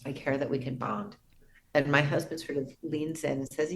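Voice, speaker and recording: A middle-aged woman, a podcast guest, telling a personal story in an earnest, reverent way with soft restarts. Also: sits low, steady tone, normal speed, creaky, poor audio.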